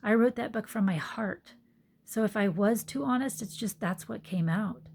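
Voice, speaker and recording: A woman's voice: mid-range voice, normal speed, vocal fry, slight background noise. A woman yoga teacher talking earnestly into her phone in a reflective personal monologue, sometimes dropping to a whisper. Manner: earnest, soft-spoken, drops to whispered asides.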